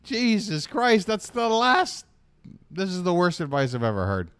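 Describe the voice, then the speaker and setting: A man's voice: high-pitched, wildly swooping pitch, a little slow, fairly bright tone, clean tone. A man hosting a live stream, riffing sarcastically on a video with jokes and swearing. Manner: sarcastic, jokey, swears, does mocking voices. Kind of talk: casual riffing commentary.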